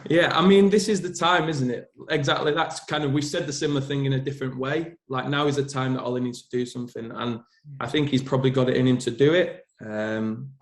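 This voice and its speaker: Male co-host with a cold, mid-pitched, casual football chat, roomy sound. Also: fairly even intonation, brisk. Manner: chatty, conversational, thinks aloud. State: has a cold.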